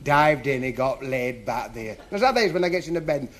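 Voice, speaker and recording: A man's voice: mid-range voice, lively intonation, brisk, noisy background. A man telling stand-up jokes on stage, chuckling through his own stories. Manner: chuckling, chatty, dialect-heavy. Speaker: stand-up comedian. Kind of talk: stand-up comedy storytelling. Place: comedy stage.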